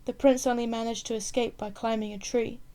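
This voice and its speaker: Woman, reader, novel read aloud, measured storybook narration, slightly high voice. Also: level tone, warm tone.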